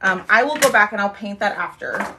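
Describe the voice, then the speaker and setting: A woman's voice: mid-range voice, animated, fairly quick, noisy background. A young woman hosting a chatty live craft stream, talking viewers through her work and thanking commenters as she goes. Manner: bubbly, talks to viewers while working, thanks commenters.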